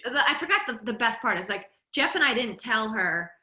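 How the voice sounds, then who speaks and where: Woman guest spilling a wild story, bright voice, echoey room, keeps restarting. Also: fairly high pitch, normal speed. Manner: animated, restarts often, acts out quotes. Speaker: podcast guest. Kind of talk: casual storytelling chat.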